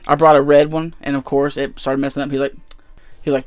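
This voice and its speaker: A man's voice: fairly high pitch, little pitch movement, fairly quick, smooth, no echo, soft background music. A man casually chatting through his convention haul in a rambling way, with lots of fillers. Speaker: vlogger showing convention haul. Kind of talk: casual chat.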